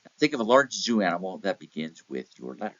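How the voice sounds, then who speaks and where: A man's voice: low-pitched, big pitch swings, quick pace, a bit bright, no echo, muffled recording. A man giving a motivational real estate talk, telling anecdotes, acting out little voices in them and checking in with "okay?". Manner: tells anecdotes, acts out voices, repeats "okay?".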